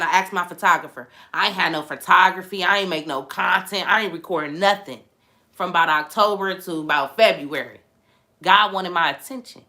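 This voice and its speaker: A young woman hosting a casual livestream chat, animated and exclamatory, talking straight to her viewers. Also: medium pitch. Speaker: host.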